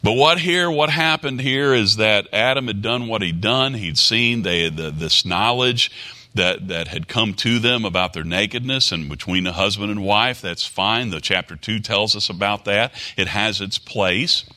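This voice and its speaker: A male pastor delivering a sermon in a bright, sharp-edged voice that sits a little low. He alternates between reading scripture with rising emphasis and commenting plainly with fillers. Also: measured pace. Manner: reads scripture in old-fashioned phrasing, then comments in plain speech with fillers.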